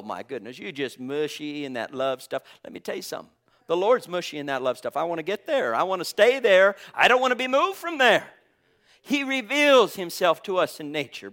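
A man preaching a sermon, animated, calling out for amens and laughing between points. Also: sits high.

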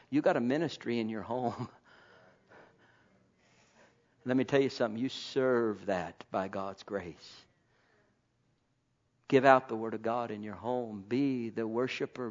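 A man preaching a sermon to his congregation, fervent, swinging between loud exhortation and low, quiet asides. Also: lo-fi sound.

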